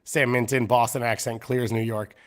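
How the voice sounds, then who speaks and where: A man's voice: mid-range voice, flat delivery, moderate pace. A young man hosting a casual live-streamed chat, rambling and poking fun at himself. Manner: rambling, self-mocking. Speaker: podcast host.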